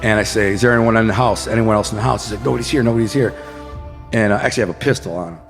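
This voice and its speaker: An American man from the Detroit area, a podcast guest telling crime stories in a casual, animated way and acting out gunshots and quotes. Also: on the low side, rapid-fire, gravelly, big-room sound, music in the background. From Detroit area, USA.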